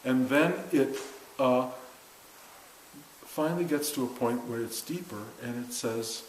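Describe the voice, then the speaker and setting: A man giving a spiritual talk to a group, animated and acting out the voices he quotes. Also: mid-range voice, unhurried, pauses often. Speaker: spiritual teacher. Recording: echoey room with faint hiss.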